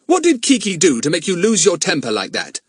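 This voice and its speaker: Man playing a firm storybook schoolboy, raised pitch, husky. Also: wildly swooping pitch, fairly quick, dry recording, clean studio sound, full character voice. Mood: stern. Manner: firm, stern. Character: sensible boy with a monkey, young teen.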